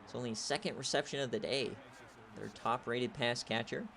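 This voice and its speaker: A young man giving play-by-play commentary on a video game football stream, excitable and shouting on big plays. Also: mid-range voice, a little fast, gravelly, slight background noise. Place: home setup, streaming.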